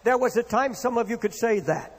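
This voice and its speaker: A man's voice: extremely high pitch, fairly quick, husky. A man preaching a sermon with impassioned, rising and falling delivery, in a church hall. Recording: long reverb of a hall.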